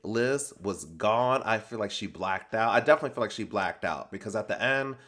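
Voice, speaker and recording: Sassy, animated man recapping reality TV. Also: on the low side, fairly quick. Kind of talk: casual reality TV recap commentary.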